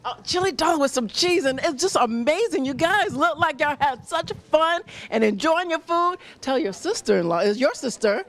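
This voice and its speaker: Speaking at normal speed with few pauses, a woman whose voice sits high and is expressive interviews diners on location at a busy restaurant. She's bubbly and gushing, keeps things upbeat and casual, and laughs a lot.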